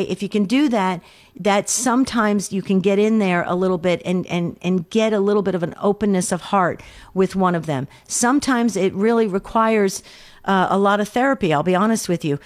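A middle-aged woman co-hosting a call-in radio show, giving gentle, earnest advice and often repeating words as she thinks aloud. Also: medium pitch. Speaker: radio show co-host and counselor.

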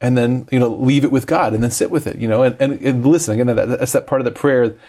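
A man hosts a faith interview show at a brisk, relaxed clip. His voice is dark and a little husky, and he talks with plenty of fillers. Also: medium pitch. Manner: quick, easygoing, with many fillers. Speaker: host.

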